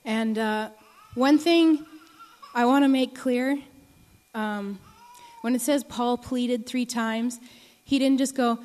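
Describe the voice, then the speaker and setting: A woman's voice: fairly high pitch, slow, darkish tone. Earnest young woman preaching in a hall. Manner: earnest, many ums, rises to emotional pleading. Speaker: speaker giving a testimony talk. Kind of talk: sermon. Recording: long reverb of a large hall.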